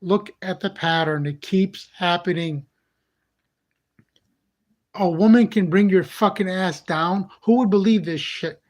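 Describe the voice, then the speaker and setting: Furious profane man, high voice. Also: takes it slowly, long pauses, a little mellow. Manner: heated, profane, ranting; repetitive, exasperated. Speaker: channel host. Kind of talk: angry monologue vlog.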